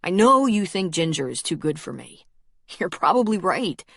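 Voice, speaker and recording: A woman reading an audiobook and voicing an earnest, stubborn grown man who talks bluntly and a bit gruffly. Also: fairly low pitch, sing-song, normal speed, fairly bright tone, no room sound, clean studio sound, exaggerated voice. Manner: blunt, plain-spoken, a little gruff. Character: earnest stubborn grown man, defending his new love.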